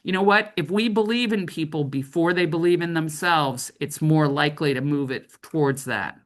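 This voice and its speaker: A woman's voice: sits low, normal speed. A middle-aged woman trainer giving a conversational training lecture, often checking in with "right?".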